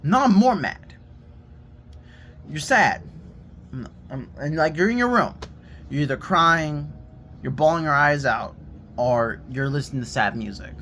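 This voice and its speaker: A young man telling a story to his viewers in a casual, expressive rant. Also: fairly high pitch, a little slow, long pauses, a little hiss or hum. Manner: animated and expressive, drops to a quiet shaky voice when reenacting himself. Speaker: vlogger.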